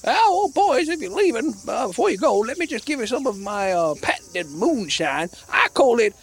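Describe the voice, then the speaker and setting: A man's voice: extremely high pitch, sing-song, moderate pace, breathy edge, voice pushed down, heavily acted. A man voicing a boozy old male moonshiner in a big hat, drawling and folksy, in an improvised comedy podcast. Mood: hospitable. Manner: hollering, rambling, folksy.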